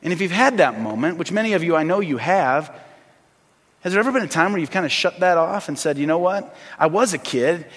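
A man preaching a sermon as pastor, swinging between loud emphasis and hushed, earnest asides. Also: on the high side, expressive, fast talker, big-room sound.

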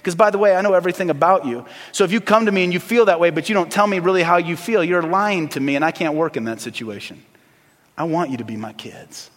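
A man preaching a sermon as pastor, swinging between loud emphasis and hushed, earnest asides. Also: high-pitched, quick pace, long reverb tail.

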